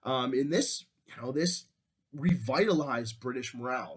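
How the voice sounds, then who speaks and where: A man's voice: mid-range voice, animated, normal speed, husky. A male history teacher giving a casual lecture. He talks conversationally in a mid-range voice, with plenty of fillers as he explains.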